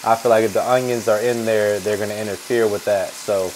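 A man's voice: fairly low pitch, steady tone, brisk, a little mellow, a little hiss or hum, poor audio. A man hosting a cooking competition, chatting casually and quizzing the cooks with jokes. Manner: joking, asks contestants questions. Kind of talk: casual chat.

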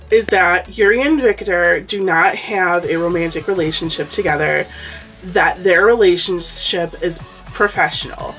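A chatty woman vlogger rattles off her anime opinions, laughing between quick asides. She sits a little back from the mic, and soft music plays under her voice. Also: medium pitch. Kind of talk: casual countdown commentary vlog. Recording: distant mic with background music.

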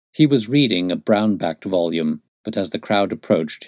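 A man narrating a classic novel as an audiobook, in steady, measured storytelling. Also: low voice, no echo, clean studio sound.

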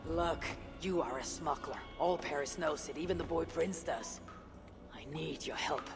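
An actress voicing a tough Viking woman warrior in video game dialogue, steady and blunt. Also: low voice, a little slow. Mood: firm. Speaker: game protagonist. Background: game music.

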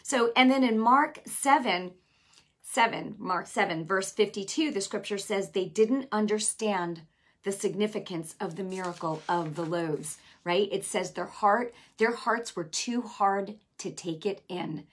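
A woman preaching a casual, animated sermon, repeating phrases and adding quick asides. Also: medium pitch.

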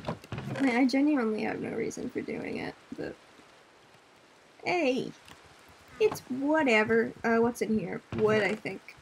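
A young woman streaming a game, chatting casually, reading chat aloud, laughing often and breaking into loud screams at enemies. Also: a little high, very animated, slow pace, gravelly, long pauses, slight background noise. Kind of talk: casual gaming commentary.

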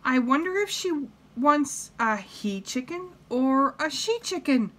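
Lady doing a chirpy storybook housemaid, high and bouncy, bright voice, eager to please. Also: expressive, takes it slowly, heavily acted. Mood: cheerful. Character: cheerful literal-minded housemaid woman.

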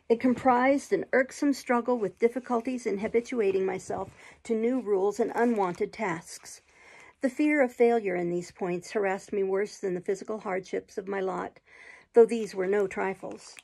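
Husky, gravelly woman narrating an audiobook. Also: medium pitch. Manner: steady, measured storytelling with occasional stumbles. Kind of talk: audiobook reading of a classic novel.

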